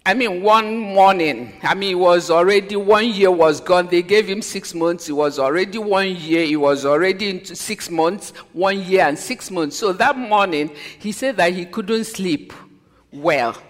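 A woman giving a personal testimony as a sermon, telling her story earnestly and then preaching with slow, stressed scripture quotes. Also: fairly low pitch. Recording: long reverb of a large hall.

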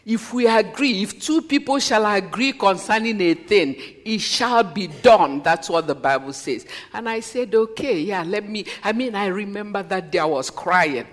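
A woman's voice: mid-range voice, lively intonation. Woman, sermon testimony, earnest storytelling, stretched-out scripture lines, long hall reverb. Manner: earnest storytelling that builds into preaching, with slow, stressed scripture quotes. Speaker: preacher sharing a personal testimony.

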